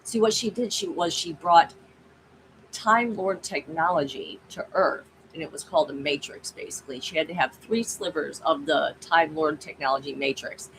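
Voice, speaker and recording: A woman's voice: low-pitched, normal speed, fairly bright tone, slight background noise, poor audio. A woman hosting her own channel, chatting casually and rambling through a story with frequent asides to viewers. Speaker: channel host.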